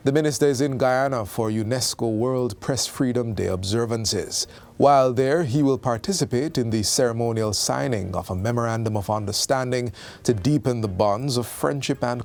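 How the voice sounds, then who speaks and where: A man reading the news in a formal, even delivery. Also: medium pitch, normal speed. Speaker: news anchor.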